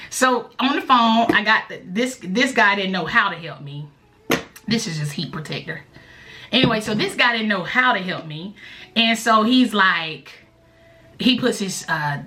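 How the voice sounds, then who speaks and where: A woman vlogger, telling a story in a chatty, animated way straight to the viewer. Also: normal speed. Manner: bursts into a high, loud voice when quoting herself. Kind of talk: casual storytime vlog.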